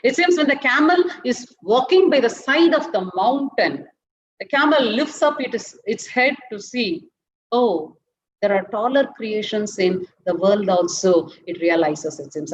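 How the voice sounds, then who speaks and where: A woman with an Indian English accent, giving a webinar lecture and telling a long anecdote in a lively, repetitive way. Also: on the high side, measured pace, lo-fi sound. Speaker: webinar speaker. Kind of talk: storytelling lecture.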